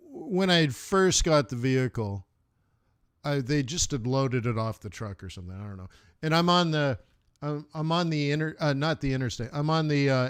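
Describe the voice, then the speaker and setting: A man's voice: on the high side, clear, resonant tone, dry recording, studio quality. Chatty man telling car stories. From United States. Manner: rambling storyteller, laughs at his own anecdotes. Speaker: forex trading stream host. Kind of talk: casual live-stream chat.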